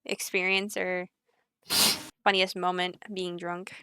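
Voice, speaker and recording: A woman's voice: on the low side, level tone, slow pace, bright, forceful tone, clear, resonant tone, dry recording. A woman co-hosting a casual podcast, asking short dry questions. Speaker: podcast co-host.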